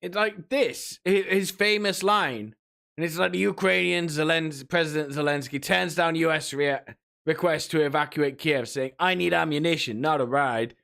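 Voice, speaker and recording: A man's voice: a little high, normal speed, gravelly, fairly bright tone. A man streaming, rambling and mocking in a casual rant, often laughing between remarks. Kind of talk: casual ranting commentary.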